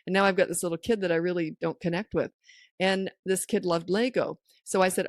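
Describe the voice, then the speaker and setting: A woman's voice: on the low side, steady tone, a little fast, no room sound, studio quality. A middle-aged woman hosting a parenting podcast, giving down-to-earth advice and telling stories that act out what people said. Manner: anecdotal, down-to-earth, acts out quoted lines. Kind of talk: casual advice chat.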